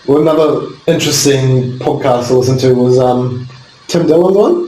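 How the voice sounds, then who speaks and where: A man's voice: mid-range voice, moderate pace, warm tone, a little hiss or hum. A young man, co-hosting a laid-back podcast chat and saying bro a lot. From New Zealand. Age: young adult. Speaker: podcast co-host. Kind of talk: casual chat. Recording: echoey room, faint ambience.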